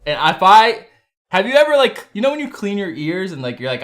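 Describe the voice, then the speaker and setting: A young adult man hosting a casual livestream from his desk, telling a story in an animated, profane way. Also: sits high, fairly quick. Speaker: livestream host. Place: home desk.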